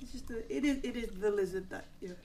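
A woman's voice: medium pitch, fast, a crowd in the background, low-quality recording. A woman as game master, describing the scene with many hesitant ums. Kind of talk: running a tabletop game.

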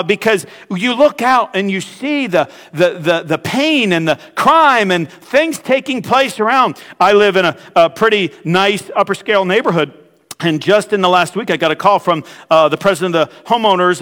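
A man preaching a sermon as pastor, with pauses and frequent restarts. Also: high-pitched, fairly bright tone, big-room sound. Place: church sanctuary.

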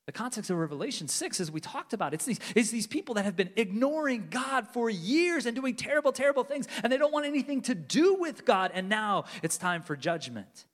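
A man in his forties preaching a sermon, moving between loud urgency and hushed, near-whispered lines. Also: extremely high pitch, sing-song, a little fast, few pauses. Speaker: pastor. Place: large church sanctuary. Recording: long reverb of a large church hall.

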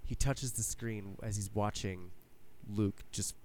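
A man in casual podcast chat, talking excitedly, swearing and acting out his own reactions. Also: fairly low pitch, takes it slowly, slight background noise.

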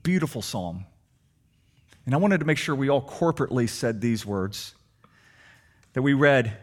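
A man preaching a sermon, asking the congregation rhetorical questions and swinging between soft and emphatic delivery. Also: mid-range voice, normal speed, long pauses. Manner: animated, rhetorical questions, shifting loud and soft. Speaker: pastor.

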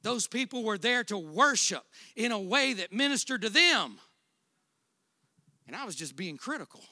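High, bright-voiced preacher man. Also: sing-song, normal speed, dry recording. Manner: dynamic preaching, swinging from loud emphatic declarations to quiet storytelling. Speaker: pastor. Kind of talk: sermon.

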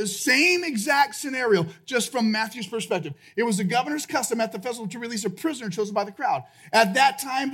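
A male pastor preaching a sermon, retelling the story dramatically and acting out the shouts of a crowd. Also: high-pitched, breathy edge. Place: church sanctuary.

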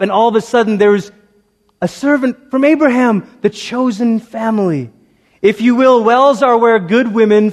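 A man's voice: sits high, a little mellow, in a large hall. A man preaching a sermon, telling stories in a conversational way and acting out the quoted voices. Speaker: pastor.

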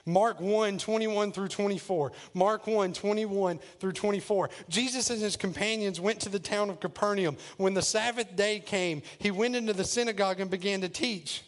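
A male pastor preaching a sermon, retelling scripture in plain words and dropping to a low, quiet voice for emphasis. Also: moderate pace, few pauses. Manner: paraphrases scripture in plain modern speech.

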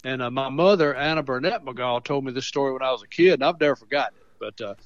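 A man's voice: mid-range voice, fast talker, no room sound. A man with a Middle Tennessee accent, calling in to a radio show as the regular storyteller, rambling and chuckling as he tells his tale. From Mount Pleasant, Tennessee. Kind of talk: folksy storytelling on the phone. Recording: dull phone line.

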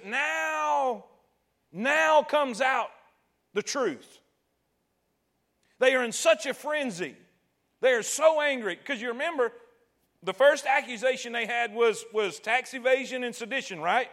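A man preaching a sermon, retelling a scripture passage and acting out its voices, swelling at times to shouts. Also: extremely high pitch, lively intonation, a little slow. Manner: dramatic, acts out quoted voices and swells to shouts.

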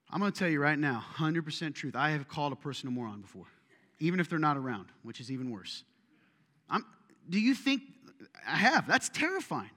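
A man preaching a sermon, animated and joking, with self-deprecating asides, in a church auditorium. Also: fairly high pitch, normal speed. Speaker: pastor. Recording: long reverb of a large hall.

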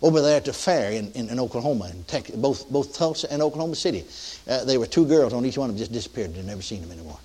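Folksy older preacher with a lively voice. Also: male voice, medium pitch, fast, few pauses, slightly rough. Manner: folksy, repetitive restarts, rising emphatic peaks. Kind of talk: sermon storytelling.

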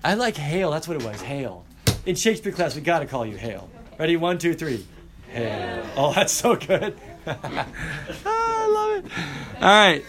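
A man's voice: on the high side, brisk. Playful male teacher taking roll. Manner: playful and animated with students. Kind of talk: classroom roll call. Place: classroom.

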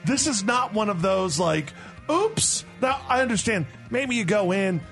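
A man's voice: sits high, a little slow, creaky, soft background music. A man hosting a radio morning show, joking and ranting in casual banter. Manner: animated and joking, laughs often.

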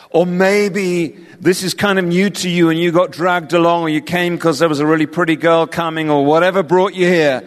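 A man with an English accent preaching an evangelistic sermon, impassioned and personal, calling listeners to respond. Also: a little high. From England. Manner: impassioned, building to invitation then softening. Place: large hall with live audience. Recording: reverberant hall with music.

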